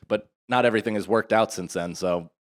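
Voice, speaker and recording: A man's voice: lowish voice, a little fast. A man in his thirties co-hosting a podcast, telling a story with lots of swearing and acting out the people he quotes. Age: 30s. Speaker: podcast co-host. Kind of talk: casual chat.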